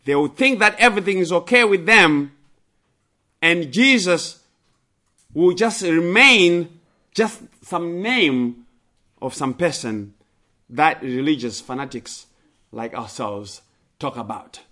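A man's voice: on the high side, expressive, slow pace, pauses often, pushed and bright. A man preaching a sermon and reading scripture, repeating phrases with emphasis and rising when he voices pleas.

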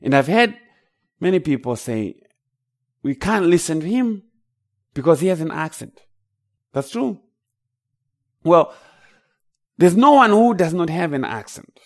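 A man's voice: a little high, sing-song, measured pace, pauses often. A man with a Zimbabwean accent, from Zimbabwe, preaching a sermon with emphatic, rising declarations.

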